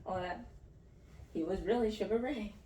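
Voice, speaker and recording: A woman's voice: mid-range voice, moderate pace, dark tone. A woman in a casual film review chat, eagerly retelling movie scenes and quoting lines, often laughing. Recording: roomy, distant mic, faint hiss.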